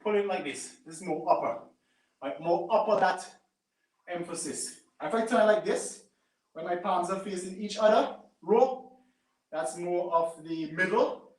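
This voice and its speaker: A man's voice: measured pace, far from the mic. A man leading a live resistance band workout at home, coaching through each move and often checking in with "right?". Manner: coaching, repeats "right?" and "boom". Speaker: fitness instructor. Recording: echoey room, away from mic.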